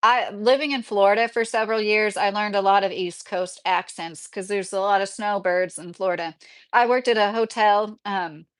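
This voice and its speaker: A woman's voice: medium pitch, steady tone, moderate pace, a bit bright. Chatty woman with a slight Midwestern accent. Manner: chatty, rambling, laughs often. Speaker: streamer answering viewer questions. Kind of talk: casual livestream chat.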